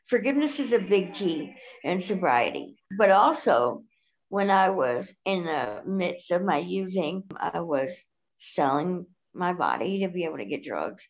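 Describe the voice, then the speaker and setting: A woman telling her personal story in an earnest, steady way. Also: on the low side, a little slow. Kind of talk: personal testimony. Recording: dull lo-fi sound.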